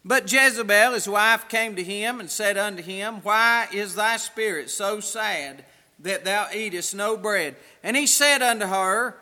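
A man's voice: sits high, measured pace, bright, forceful tone, in a large hall. A man preaching a sermon as pastor, reading scripture aloud in a raised, emphatic voice.

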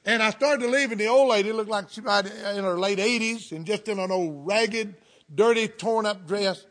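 Male preacher, Southern US accent, middle-aged, high voice, folksy sermon storyteller. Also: normal speed, a bit bright. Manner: folksy storytelling with fervent interjections.

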